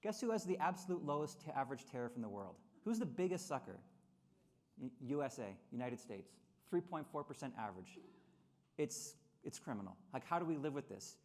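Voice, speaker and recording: A man giving a lively convention speech on trade history, often repeating words and acting out quotes in mocking voices. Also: mid-range voice, a little fast. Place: convention hall.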